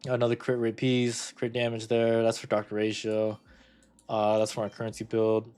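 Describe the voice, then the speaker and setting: A young man in casual gameplay commentary, rambling and correcting himself, with sudden bursts of excitement. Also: fairly low pitch, moderate pace, smooth. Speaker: gaming content creator.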